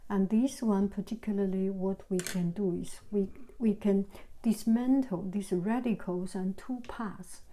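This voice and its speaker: A soft-spoken woman whose first language is Chinese talks slowly in a mid-range voice with fairly even intonation, often half-whispering as she writes. She's a calligraphy teacher giving an explanatory tutorial, recorded roughly by a camera on a tripod.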